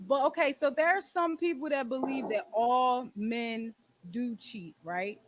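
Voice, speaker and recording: A woman's voice: sits high, measured pace, a little hiss or hum, rough recording. A woman hosting a casual talk show, with a Philadelphia accent, blunt and profane, acting out quotes as she talks. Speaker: host. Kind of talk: candid casual chat.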